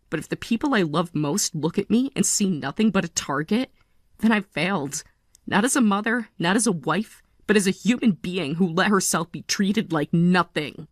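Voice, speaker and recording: A woman in her forties playing a tired but resolute mother in a text-story drama, speaking in a calm, measured way. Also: on the low side, no echo, clean studio sound. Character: weary, resolute mother leaving her family.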